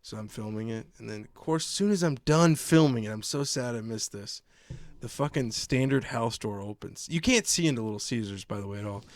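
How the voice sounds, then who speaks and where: A man co-hosting a casual podcast, telling stories in an animated way with a lot of swearing. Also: medium pitch, a little fast, hardly any pauses, no room sound, clean studio sound. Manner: profane, animated storyteller. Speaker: podcast co-host. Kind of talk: casual chat. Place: remote recording, like a video call.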